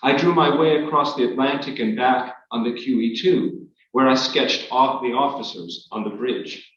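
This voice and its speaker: A man reading his memoir aloud to an audience, in a measured, wry storytelling manner. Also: mid-range voice, a little hiss or hum. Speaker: author reading his work. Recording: echoey hall, distant, dull.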